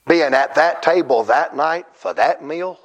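A middle-aged man on the high side of pitch delivers a revival sermon at a church conference at a slightly slow pace. His preaching builds into shouted, crying bursts, and he uses folksy, self-deprecating jokes.

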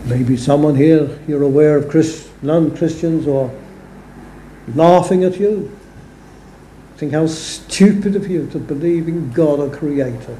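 Slow, earnest preacher in a church. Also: male voice, fairly high pitch, warm tone, a little hiss or hum. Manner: slow, earnest preaching with emphatic quoted scripture. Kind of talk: sermon. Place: church or chapel. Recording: echoey church room.

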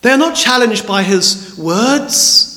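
High, lively preacher in an echoey church. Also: male voice, takes it slowly. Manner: emphatic, repeats words for stress. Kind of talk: sermon. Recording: echoey hall with long reverb.

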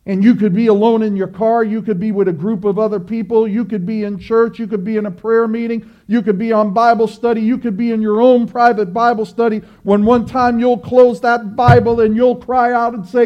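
A man's voice: high-pitched, level tone, fairly quick, hardly any pauses, highs cut off. A man preaching a sermon, earnest and exhorting, building through repeated phrases.

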